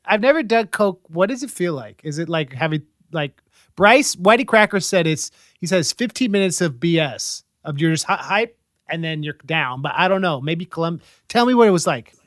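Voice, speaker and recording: A man's voice: fairly high pitch, animated, normal speed, a bit bright, no echo, studio quality. A man hosting a podcast, chatting casually and asking short, curious follow-up questions. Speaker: podcast host. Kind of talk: casual interview chat.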